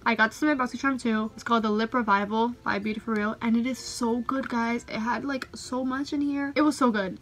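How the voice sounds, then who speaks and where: A woman's voice: on the high side, steady tone, brisk, few pauses, a bit bright. A young woman chatting casually as she reviews beauty products, gushing and filling her talk with "like". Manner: chatty, gushing, heavy use of "like". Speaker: beauty vlogger.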